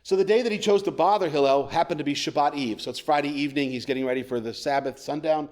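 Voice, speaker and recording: A man's voice: on the high side, quick pace, a little mellow. A man in a church sanctuary, giving a conversational sermon as a rabbi with joking asides. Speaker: rabbi, guest preacher.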